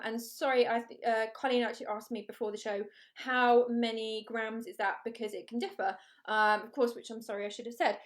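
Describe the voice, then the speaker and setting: Casting: a woman, fairly high voice, hosting a live cook-along, chatty and upbeat. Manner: chatty, upbeat, reads out viewer comments. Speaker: cooking show host.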